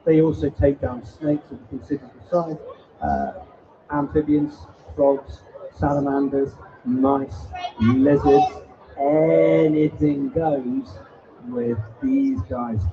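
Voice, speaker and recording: A man's voice: medium pitch, slow. Jokey showman presenting creepy crawlies. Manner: jokey, theatrical showman teasing the kids. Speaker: invertebrate show presenter. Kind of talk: live show talk to a family audience. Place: event hall before an audience. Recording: distant, dull live-stream sound with faint noise.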